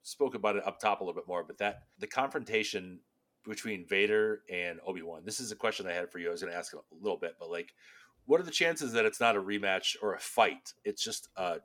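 A man's voice: fairly low pitch, fairly quick, a bit bright. A man co-hosting a casual fan discussion, thinking aloud with many restarts and rambling questions. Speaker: podcast co-host.

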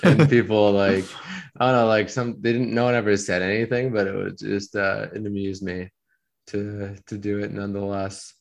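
A man co-hosting a podcast, telling a travel story in a rambling, deadpan way with lots of fillers. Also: lowish voice, normal speed, creaky. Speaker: podcast co-host. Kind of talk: casual chat.

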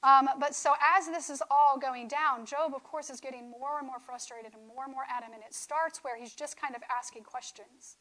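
Speaking about faith, this woman preaches from scripture in a high, bright, forceful voice with fairly even intonation. She moves at a moderate pace, hardly pausing, and often asks "right?" to keep things conversational. The audio is low quality.

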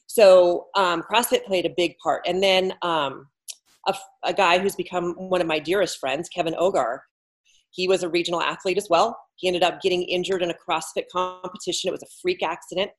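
A woman in her fifties speaks in a fairly low voice. She talks candidly and bluntly as an interview guest. She often mocks herself and jokes as she speaks. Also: steady tone, normal speed. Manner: blunt, joking, self-mocking. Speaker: podcast guest, former Olympic swimmer. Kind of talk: candid casual interview talk.

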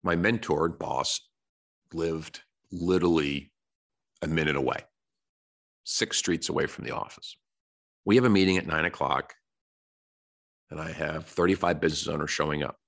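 A man's voice: a bass voice, moderate pace, pauses often, a bit bright. A man hosting a podcast, giving a blunt, direct motivational talk about sales and telling stories from his own work. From United States. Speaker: podcast host.

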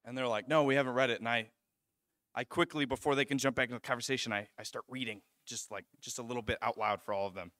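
A young man preaching, telling a personal story in an animated way, often stopping short and restarting his sentences. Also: medium pitch, fast talker, dry recording, studio quality. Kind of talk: personal testimony in a sermon.

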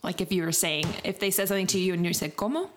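A woman's voice: fairly low pitch, fairly even intonation, racing, a little hiss or hum. A woman with a Texan accent co-hosting a casual podcast, chatty and self-deprecating with frequent giggles. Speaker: co-host.

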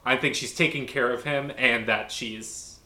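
A chatty man talks loosely, full of "like"s, and jumps into bits of quoted dialogue. His voice is bright and forceful. The room behind it gives a roomy echo. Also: mid-range voice, steady tone, unhurried. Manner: retells scenes with acted-out quotes, chatty with many "like"s. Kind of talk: casual chat about a musical.

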